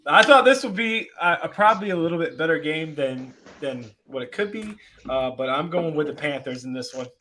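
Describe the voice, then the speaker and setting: A man's voice: a little high, expressive, fairly quick, sharp tone. A man hosting a casual sports podcast, calling on each panelist by nickname for a pick. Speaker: podcast host running picks.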